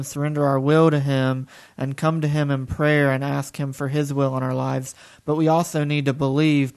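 Calm young man, smooth even voice. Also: mid-range voice. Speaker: guest, son of the preacher. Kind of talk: conversational reflection.

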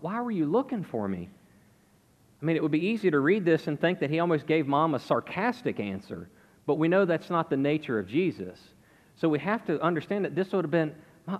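Pastor preaching in a reverberant hall. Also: male voice, fairly high pitch. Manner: conversational, explanatory preaching with casual fillers. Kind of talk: sermon.

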